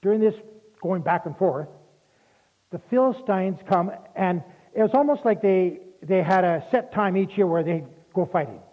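A man's voice: sits high, moderate pace. A man preaching a sermon in a folksy, conversational way, with personal asides. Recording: tinny phone-like sound.

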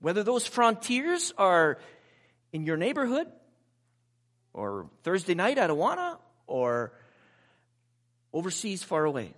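A man's voice: high voice, huge pitch swings, a little slow, long pauses, fairly bright tone. A man preaching a sermon in a conversational way, with personal asides and rhetorical questions put to his listeners. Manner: asks the audience rhetorical questions.

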